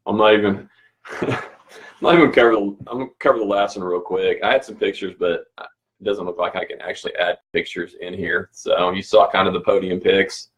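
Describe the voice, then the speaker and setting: A man's voice: sits low, fairly even intonation, a little fast, a bit bright, husky. A man hosting a weekly cycling update livestream, talking in a casual, rambling, easygoing way and chuckling now and then.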